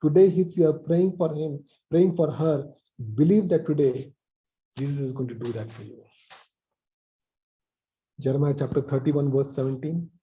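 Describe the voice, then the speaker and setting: A man preaching a sermon over a video call, repeating phrases with emphasis and dropping softly at line ends. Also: on the high side, steady tone, normal speed, pauses often, lo-fi sound. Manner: repetitive, emphatic with soft drops.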